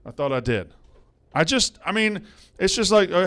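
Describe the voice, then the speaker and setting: A man's voice: high-pitched, big pitch swings, moderate pace, fairly bright tone. Profane, heated male sports-betting host. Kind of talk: casual sports betting chat.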